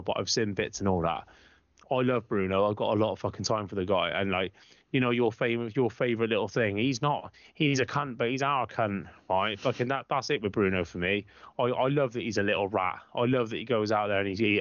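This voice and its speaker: A man's voice: on the low side, dry recording. A man co-hosting a football podcast, ranting bluntly and swearing constantly in heated casual chat. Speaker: podcast co-host, football fan. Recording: dry, slightly muffled lo-fi sound.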